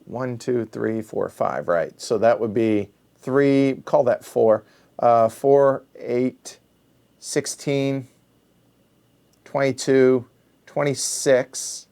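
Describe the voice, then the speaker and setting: A man's voice: medium pitch, slow, creaky, long pauses, a little mellow. A man hosting a solo board game play-through, thinking aloud and muttering counts under his breath as he works out each move.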